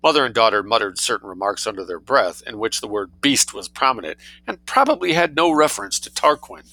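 A man narrating a story aloud in a wry, lively reading voice, adding his own commentary. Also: medium pitch, brisk, no echo, low-quality recording. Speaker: reader and commentator.

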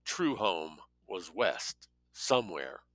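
Man reading a thriller with a bright edge. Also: low-pitched, big pitch swings, slow, dry recording. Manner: plain reading with offhand spoken asides. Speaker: audiobook reader. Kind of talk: audiobook narration of a thriller.

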